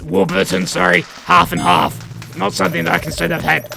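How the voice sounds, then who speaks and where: A young man plays through a horror visual novel, reading it aloud and breaking off for jokes and sudden shouts. His voice is bright and heavily gravelly, sitting a little high for a man. Faint background noise runs under the recording. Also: expressive, a little slow, soft background music, poor audio. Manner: joking asides, stumbles over words, sudden loud outbursts. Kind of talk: let's play commentary with dramatic reading.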